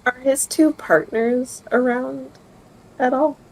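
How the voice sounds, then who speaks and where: A woman's voice: sits high, fairly even intonation, slow, poor audio. Hesitant woman player thinking aloud. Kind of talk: tabletop role-play.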